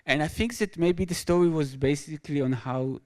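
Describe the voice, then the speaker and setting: A man from Israel with an Israeli accent, telling a story on stage as a guest author, halting and full of restarts and repeated words. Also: fairly high pitch. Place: stage at an awards event.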